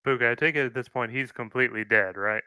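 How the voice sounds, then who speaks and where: A man playing a tabletop game speaks in a casual, matter-of-fact tone. His voice is bright and crisp, recorded close and dry. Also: mid-range voice, quick pace, dry recording. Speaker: player.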